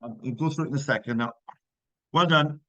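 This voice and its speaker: A man's voice: medium pitch, brisk, pushed and bright, no echo, lo-fi sound. A man teaching physics in a live online class, checking students' answers with encouragement and working through problems step by step.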